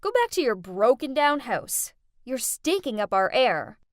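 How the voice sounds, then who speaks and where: A woman's voice: fairly high pitch, big pitch swings, a little slow, dry recording, studio quality. A woman playing a snobbish, hot-tempered rich girl. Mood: contemptuous. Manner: loud, scornful, hot-tempered.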